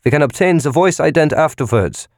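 A man's voice: a little high, expressive, brisk, no room sound, studio quality, voice pushed up. A man reading an audiobook voices a doctor giving urgent, clipped commands. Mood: commanding.

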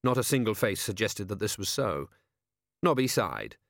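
A man's voice: fairly low pitch, big pitch swings, moderate pace, creaky, a bit bright, no room sound. Dry wry male audiobook narrator.

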